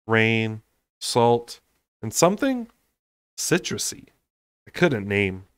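A man's voice: lowish voice, big pitch swings, slow, fairly bright tone, clean tone, no echo, clean studio sound. A man reading a fantasy novel aloud in an unedited take, with occasional slips and asides. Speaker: audiobook reader.

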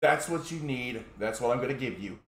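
A man's voice: medium pitch, animated, a little fast, fairly bright tone. Guy doing a pushy preacher dude, keeps repeating himself, echoey room. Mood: insistent. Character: pushy male street preacher, insistent.

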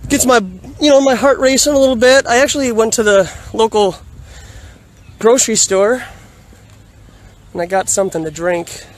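High-voiced man telling a street story. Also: moderate pace, long pauses. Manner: animated, laughs often while telling a story. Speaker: vlogger. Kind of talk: casual storytelling vlog. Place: outdoors in a busy urban area. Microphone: phone on a selfie stick. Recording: outdoor street noise.

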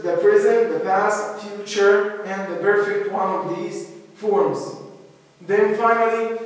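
A man with a high voice teaches grammar at a slow, careful pace, repeating each form. He sounds far from the mic in a very echoey room with a long reverb tail. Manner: slow, deliberate explaining with repetition. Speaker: English teacher. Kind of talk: recorded grammar lesson.

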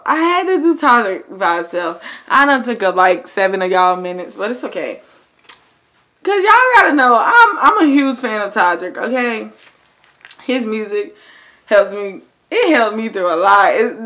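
A young woman chatting casually to her viewers in a vlog, addressing them as "y'all" and bursting into loud, excited exclamations. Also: medium pitch. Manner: animated, swings into loud excited shouts and laughs; talks straight to viewers with lots of "y'all". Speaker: YouTuber.

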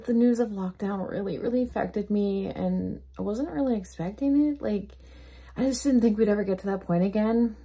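Canadian mom in her 30s rambling to the camera at home, lots of likes, medium pitched, laughs a lot. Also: warm tone, husky. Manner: chatty, rambling, laughs often, many likes. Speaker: vlogger, mom. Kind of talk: casual weekly vlog chat.

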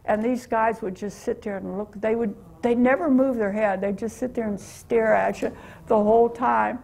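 A woman's voice: a little high, steady tone, moderate pace, creaky, darkish tone. An older American woman telling stories of her mission trip to a church meeting, chatty and laughing often. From USA. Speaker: guest speaker.

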